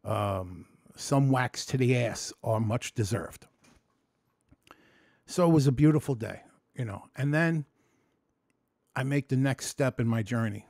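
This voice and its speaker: A man in a candid personal vlog who tells his story with emotion and rambles through many restarts and swear words. He swings between excited storytelling and low, quiet reflection. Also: measured pace, long pauses, no room sound, clean studio sound. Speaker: vlogger.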